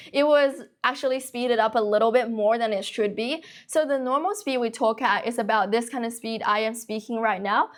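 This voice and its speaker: A young woman in her late teens hosting a casual livestream, talking quickly and continuously with few pauses. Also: a little high. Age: young adult. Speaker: livestream host teaching English.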